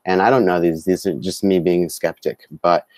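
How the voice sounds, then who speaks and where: A man co-hosting a live-streamed talk show, speaking in a halting way with many fillers and restarts. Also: sits low, steady tone, darkish tone, no room sound. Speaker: co-host. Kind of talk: live-streamed casual discussion.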